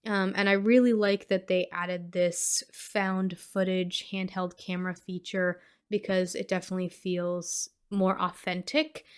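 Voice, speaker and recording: A woman talks through a horror film scene by scene in a relaxed, chatty podcast recap. Her pitch sits in an ordinary middle range, and her delivery is loose and conversational, full of little fillers. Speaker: podcast host. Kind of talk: casual movie recap.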